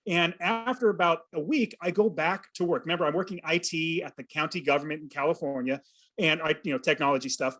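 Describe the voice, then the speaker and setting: A man in his thirties, a podcast guest, telling a personal story with earnest, animated feeling and acting out his own thoughts. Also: on the high side, fairly quick. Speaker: podcast guest, real estate investor. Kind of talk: storytelling in an interview.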